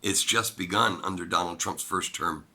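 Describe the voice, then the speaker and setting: Gravelly man giving heated opinions. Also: fairly even intonation, normal speed. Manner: emphatic, swings between loud high bursts and low quiet asides. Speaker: political commentator. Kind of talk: solo opinion monologue.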